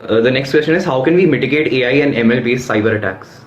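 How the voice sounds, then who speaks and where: A man's voice: medium pitch, fast talker. A man hosting a live question session, courteous and deferential toward his guest. His voice sits in a roomy, echoing space. The sound is dull and lo-fi, with a faint hiss underneath. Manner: polite, addresses guest as sir. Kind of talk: reading audience questions.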